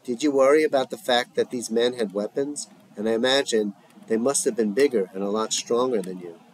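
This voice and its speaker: A man voicing a calm, probing male therapist as he reads a script aloud in a measured, questioning way. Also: medium pitch, a little hiss or hum, close to an everyday voice, low-quality recording.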